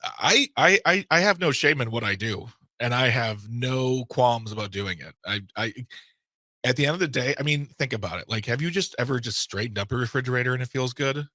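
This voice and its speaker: A man's voice: medium pitch, expressive, fairly quick, sharp tone, dry recording. A man co-hosting a radio talk show, bantering in a playfully defensive way. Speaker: radio co-host.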